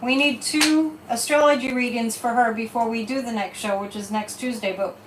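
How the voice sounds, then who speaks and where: A woman's voice: on the high side, moderate pace. Woman doing a live card reading, kinda far from the mic, faint noise behind, gets real emphatic. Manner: animated and emphatic, repeating phrases. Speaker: psychic host of a livestream. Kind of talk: casual livestream chat with card reading. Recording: echoey room, from off mic, faint background noise.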